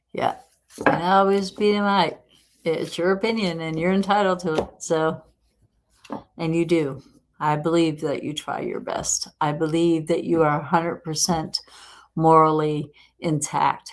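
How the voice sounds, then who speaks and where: Low-voiced, unhurried woman reading tarot. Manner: chatty, encouraging, laughs often. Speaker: tarot reader host. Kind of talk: casual live tarot reading.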